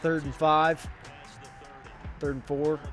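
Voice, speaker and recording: A man's voice: on the high side, flat delivery, slow, soft background music. Hyped young man calling game plays. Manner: hyped, shouting at big plays, rambling. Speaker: gaming channel host. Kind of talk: excited video game commentary.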